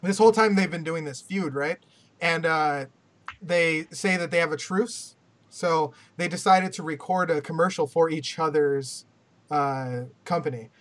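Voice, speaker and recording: A man's voice: fairly high pitch, unhurried, a bit bright. A man hosting a podcast in casual chat, joking, laughing often and swearing freely. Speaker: podcast host.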